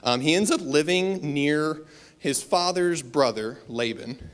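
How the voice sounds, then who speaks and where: A man's voice: on the high side, slow. A man giving a casual, storytelling sermon, with fillers and self-deprecating asides. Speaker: preacher. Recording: long hall reverb.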